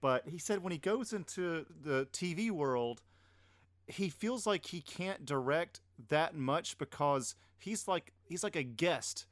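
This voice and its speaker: Relaxed man host, dry sound. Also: fairly high pitch, takes it slowly, no room sound. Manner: relaxed, hesitant, uses many fillers. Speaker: podcast host. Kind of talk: casual interview chat.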